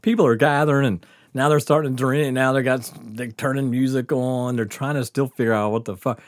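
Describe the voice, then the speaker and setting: A man's voice: mid-range voice, fairly even intonation, brisk, no echo, clean studio sound. A man telling a story in casual chat, laughing often and swearing freely. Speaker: podcast host telling a story.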